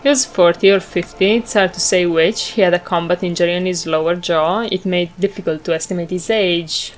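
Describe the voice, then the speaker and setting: A woman voicing a composed, guarded middle-aged woman informant, reading her lines in a measured, careful way with slow drawn-out phrases. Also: fairly low pitch, fairly even intonation, slight background noise, lightly acted, low-quality recording. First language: Italian.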